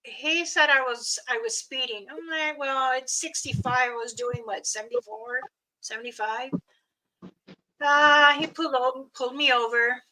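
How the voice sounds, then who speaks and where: A woman's voice: high-pitched, normal speed, pushed and bright, poor audio. An older woman from Montana telling family stories on her channel in a rambling way, with chuckles. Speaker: storyteller, channel host. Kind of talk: casual storytelling.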